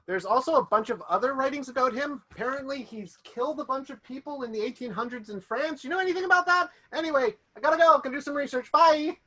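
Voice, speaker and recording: A breezy, helpful young assistant chats quickly on the phone, as a game master voices him. His voice is high and bright. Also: full character voice.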